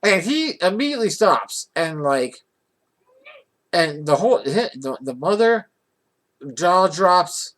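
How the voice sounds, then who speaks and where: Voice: mid-range voice, slow pace, long pauses. A vlogger telling a personal story in a casual, rambling way, with restarts and rising indignation. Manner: rambling and animated, with many restarts.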